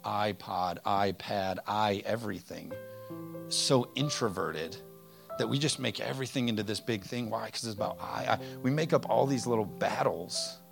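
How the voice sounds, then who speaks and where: A man preaching a conversational, energetic sermon full of rhetorical questions. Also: on the low side, gravelly. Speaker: pastor.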